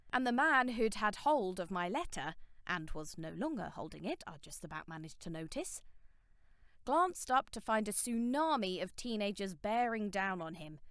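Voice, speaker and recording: An audiobook narrator reads in the first person, lively and expressive. Her voice is mid-range, and the recording is clean studio sound with no room tone.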